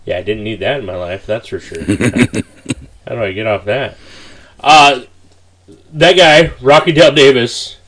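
A man's voice: mid-range voice, a little slow, pauses often, fairly bright tone. A man hosting a podcast, talking casually and hesitantly with many fillers. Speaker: podcast host.

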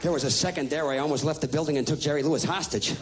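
A man doing a loud, profane, sarcastic stand-up rant on stage before a live audience. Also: on the high side, very fast, a little hiss or hum. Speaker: stand-up comedian. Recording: live show with crowd and music.

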